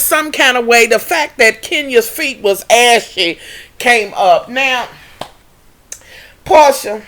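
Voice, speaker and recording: A woman's voice: on the high side, a bit bright. A young woman recapping a reality TV episode in a sassy, profane, gossipy way. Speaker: TV recap vlogger.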